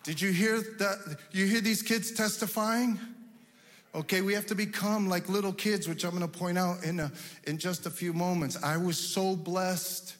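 A man's voice: sits high, fairly even intonation, normal speed. Man preaching in a reverberant church. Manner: preaching with rising, shouted emphasis. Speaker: pastor. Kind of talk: sermon. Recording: long reverb of a church hall.

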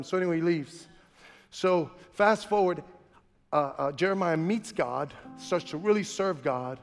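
A male pastor preaching a sermon in an impassioned storytelling manner, in a large church sanctuary. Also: high voice. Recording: long hall reverb with faint music.

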